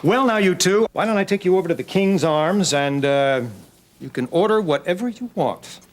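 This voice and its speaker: A man's voice: high voice, moderate pace, natural voice. A man playing a bossy doting grandfather. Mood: jovial. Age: older. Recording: noticeable background noise.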